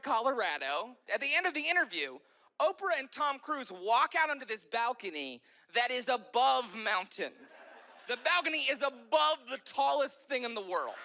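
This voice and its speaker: A male stand-up comedian telling jokes in an animated way, often acting out voices. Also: extremely high pitch, vocal fry.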